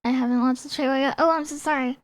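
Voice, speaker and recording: A woman streaming a game in casual live chat, excitable, often reading chat aloud and apologizing. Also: sits high, fast, dry recording. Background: faint game music.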